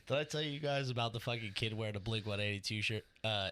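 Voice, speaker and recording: A man co-hosting a podcast, telling an animated, profane story about work. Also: on the low side, fast talker, loud music behind the voice. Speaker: podcast co-host. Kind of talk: casual storytelling chat.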